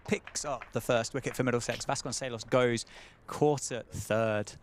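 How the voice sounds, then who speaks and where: A man's voice: mid-range voice, steady tone, moderate pace, slight background noise. A man giving live ball-by-ball cricket commentary, chatty and often asking his co-commentator questions. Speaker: play-by-play commentator.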